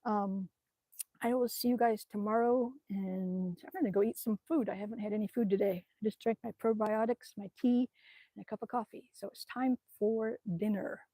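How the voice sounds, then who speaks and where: A woman's voice: mid-range voice, fairly even intonation, moderate pace, dark tone, no room sound. A woman chatting casually with viewers on a livestream, reading comments, laughing often and muttering to herself. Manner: chatty, laughs often, mutters to herself while tapping through her screen. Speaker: vlogger reading live chat comments.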